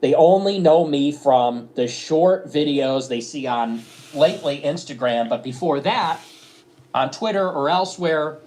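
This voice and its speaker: A man's voice: a little high, expressive, unhurried, a little mellow. Man explaining earnestly in an interview. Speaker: political commentator. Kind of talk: interview answer.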